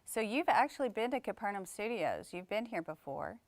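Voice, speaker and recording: A woman's voice: mid-range voice, big pitch swings, brisk, dry recording. A woman with a Texan accent hosting an interview in an upbeat, gushing manner. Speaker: host. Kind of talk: casual interview chat.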